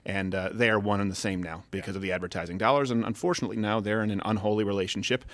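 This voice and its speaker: A man's voice: lowish voice, steady tone, very fast, no room sound. Brash male talk show host. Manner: loud, jokey, swears, swings into mock outrage. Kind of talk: comedic talk show banter. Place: studio.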